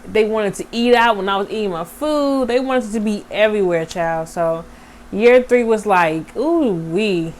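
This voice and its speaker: A young woman vlogger telling a casual, animated story straight to her viewers. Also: mid-range voice, normal speed. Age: young adult.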